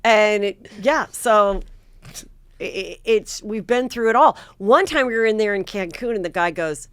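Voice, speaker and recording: Woman podcast host spinning a story, lively, mid pitch, dry close mic. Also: moderate pace, dry recording. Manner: animated storyteller acting out others' lines. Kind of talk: casual gossip chat, storytelling.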